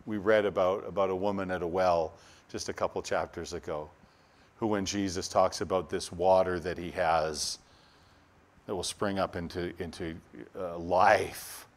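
A male pastor preaching a sermon, acting out the crowd's voices and laughing as he goes. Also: on the low side. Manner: animated, acts out voices of the crowd, laughs often.

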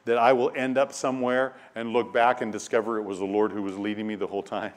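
A man preaching a sermon. He reads scripture aloud and repeats key phrases, moving between quiet passages and loud, emphatic ones. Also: lowish voice, flat delivery, fast. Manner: dynamic preaching, swinging from hushed to loud and emphatic.

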